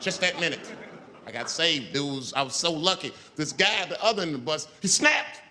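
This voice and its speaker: A male stand-up comedian telling a profane, animated story to a live audience. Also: fairly high pitch, a little fast. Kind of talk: stand-up routine. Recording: live show, crowd and noise.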